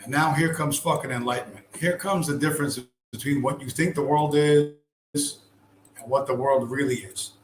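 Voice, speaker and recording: This is a man with a mid-range voice speaking at a moderate pace while he comments on a video he's sharing. He's blunt, sarcastic and swears heavily. There's slight background noise, and the echoey room carries faint ambience.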